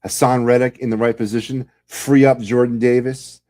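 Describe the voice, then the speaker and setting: A man's voice: medium pitch, flat delivery, normal speed, dark tone. A man hosting a sports podcast, delivering a heated, sarcastic fan rant full of rhetorical questions.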